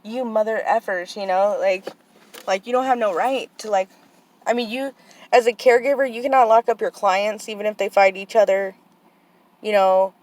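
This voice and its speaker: A woman's voice: medium pitch, normal speed, darkish tone. A young woman vlogging in a heated, frustrated monologue, full of "like" and "you know". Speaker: vlogger, aunt of a boarding-school student.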